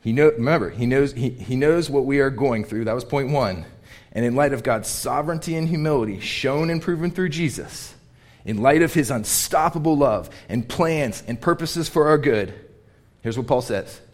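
A pastor preaches earnestly and emphatically, repeating phrases for weight, and grows quiet and tender when telling a personal story. He has a medium-pitched, animated voice at a moderate pace.

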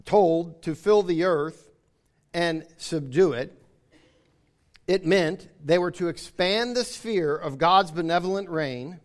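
A man with a high voice preaches a sermon with emphasis. He repeats key phrases to drive his points home and calls out to his listeners for agreement. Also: darkish tone.

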